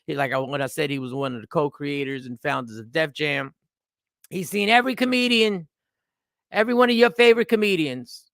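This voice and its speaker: A man in his forties hosting a casual live show, animated and rambling, often repeating phrases. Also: a little high, brisk, no room sound, clean studio sound. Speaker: comedian and show host. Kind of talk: casual live-stream talk.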